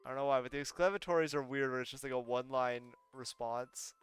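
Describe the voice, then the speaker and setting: A man's voice: medium pitch, quick pace, few pauses, clean tone, faint music behind. A man casually commenting on an old game during a live stream, wry and laughing at the dialogue.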